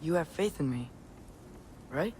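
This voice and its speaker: A man's voice: on the high side, lively intonation, a little slow, warm tone, a little hiss or hum. An actor playing an earnest, curious teenage boy in a video game cutscene. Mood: pleading. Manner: earnest, eager.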